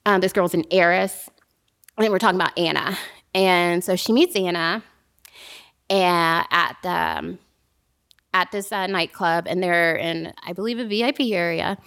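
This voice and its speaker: A woman casually telling a story to a friend on a podcast, animated and laughing often. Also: on the low side, moderate pace, gravelly.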